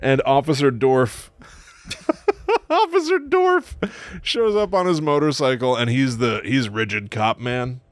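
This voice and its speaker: A man co-hosting a podcast, talking about films in a casual, enthusiastic way and often breaking into chuckles. His voice sits at a medium pitch. It sounds close to a studio mic, with a dry, dead sound. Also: a little slow, no echo. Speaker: podcast co-host.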